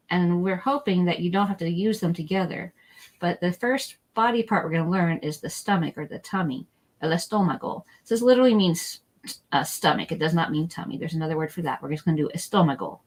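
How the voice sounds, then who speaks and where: Woman teacher, friendly online class for families; chatty, repeats words slowly. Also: mid-range voice, low-quality recording. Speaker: Spanish teacher. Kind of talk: live online lesson for families. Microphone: document camera setup, desk mic.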